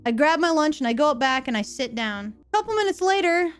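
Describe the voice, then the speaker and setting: Expressive woman storyteller, high and lively, faint music underneath. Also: fast talker. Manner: animated, expressive. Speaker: streamer telling a story. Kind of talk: comedic storytime.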